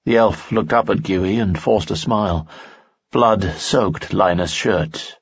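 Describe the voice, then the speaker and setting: A man narrating a fantasy audiobook in a steady, measured way. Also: low voice, vocal fry, husky, no echo. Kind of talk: scripted narration. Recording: dull, dry lo-fi audio.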